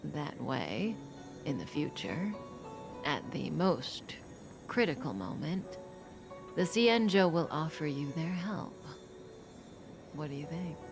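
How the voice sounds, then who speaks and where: Cryptic game seer, low gravelly voice, slow and knowing, music behind. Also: female voice, big pitch swings, exaggerated voice. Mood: cryptic calm. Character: calm enigmatic woman foreseeing the future. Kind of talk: video game cutscene dialogue.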